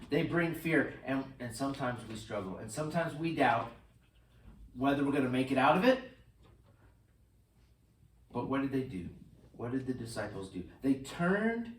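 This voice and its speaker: A man preaching a sermon as pastor, animated, swinging between loud bursts and hushed lines. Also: medium pitch, echoey room, distant mic, rough recording. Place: church sanctuary.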